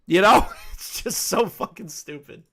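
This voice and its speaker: A man's voice: sits high, animated, measured pace, gravelly, pushed and bright. A man commenting casually on a clip and telling stories, loose and profane, laughing often. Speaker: commentary streamer.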